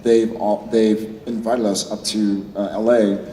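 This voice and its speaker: A man's voice: on the low side, little pitch movement, measured pace, mellow. A man joking and teasing on a convention panel in a large hall. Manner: playful, teasing. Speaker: panel guest. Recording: echoey hall from far off. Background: crowd noise.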